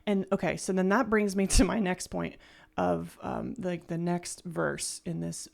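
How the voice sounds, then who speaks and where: Slow, gravelly-voiced woman gushing over music. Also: on the low side, steady tone. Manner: gushing, soft-spoken, halting with restarts. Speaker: music reaction host. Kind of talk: casual first-listen album reaction.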